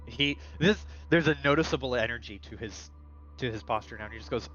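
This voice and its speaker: Male game master, loose rambling narration, mid pitch, dull lo-fi sound. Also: a little fast, fairly bright tone, soft background music. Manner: rambling, filler-heavy, restarts.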